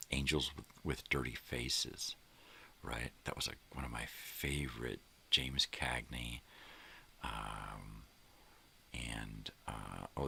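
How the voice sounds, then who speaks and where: A man's voice: rumbling low, creaky, pushed and bright, slight background noise. An older man hosting a morning show, talking in a casual, rambling monologue full of fillers that trail off.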